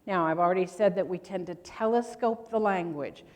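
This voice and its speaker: A woman's voice: on the low side, normal speed, a little mellow. Woman lecturing in a reverberant hall. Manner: quizzes the audience with rhetorical questions; playful asides. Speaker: convention speaker. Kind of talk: lecture to an audience. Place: convention meeting room. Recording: long reverb from a large room.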